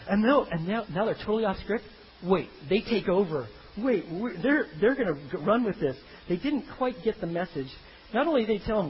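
A man delivers a sermon with a bright, high voice that swings widely as he jokes through the story. The recording is dull and lo-fi, with a faint hiss underneath. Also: fairly quick. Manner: animated, comic, acts out biblical characters in funny voices. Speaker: pastor.

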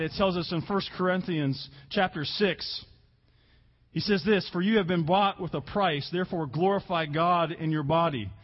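Earnest high-voiced male pastor preaching. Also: lo-fi sound. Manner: earnest preaching with emphatic slow stresses and repetitions. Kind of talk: sermon.

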